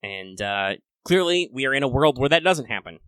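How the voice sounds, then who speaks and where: A man with a bright, forward voice co-hosts a casual fan podcast. He talks in a chatty, playful way, breaking into excited little asides. The sound is dry and close, with no room around it. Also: medium pitch, normal speed, clean tone, no echo. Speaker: podcast co-host.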